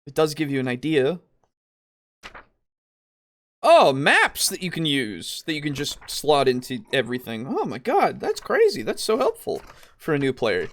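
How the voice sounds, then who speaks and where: A podcast co-host in a casual tabletop-gaming talk show, worked up and exasperated, swearing often. The voice leaps up and down in pitch as the frustration spills out. Comments and quotes get read aloud between the outbursts. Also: huge pitch swings, unhurried, pauses often, fairly bright tone.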